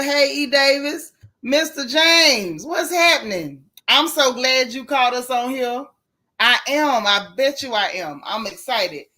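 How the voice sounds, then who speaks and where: Woman livestream host, bright forceful voice, higher pitch, chatty, greets viewers by name. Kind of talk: casual livestream chat.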